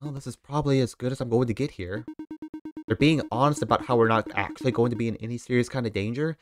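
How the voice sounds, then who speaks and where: Weary young man, resigned, hushed and low, man voicing him. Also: fast talker, music in the background, lightly acted.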